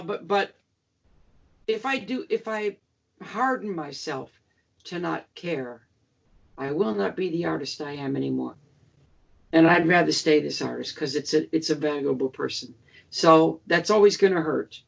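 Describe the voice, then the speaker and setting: A gravelly woman in her seventies speaks as an interview guest. She is emphatic and circles back to repeat her main points. The sound comes through a dull, lo-fi line. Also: low-pitched, moderate pace. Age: 70s. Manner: emphatic, repeats key phrases. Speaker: musician guest. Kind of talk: interview conversation.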